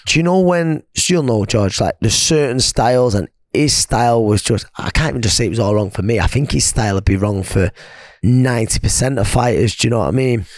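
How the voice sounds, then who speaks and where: Bloke rambling about his fights, mid-pitched voice, super dry close mic. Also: a little fast, dry recording. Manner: chatty storyteller, acts out quoted friends in a higher laughing voice. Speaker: guest, retired boxer and coach. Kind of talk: casual podcast interview.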